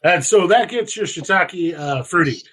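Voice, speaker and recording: A young man co-hosting a podcast in casual chat, rambling and crude, with vivid slang and lively bursts. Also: high-pitched, normal speed, husky, low-quality recording. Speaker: podcast co-host.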